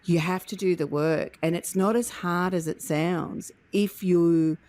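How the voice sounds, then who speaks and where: A woman's voice: lowish voice, fairly even intonation, measured pace, a little mellow, no room sound. Earnest woman host, dry close sound. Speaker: podcast host. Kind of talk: reflective interview talk.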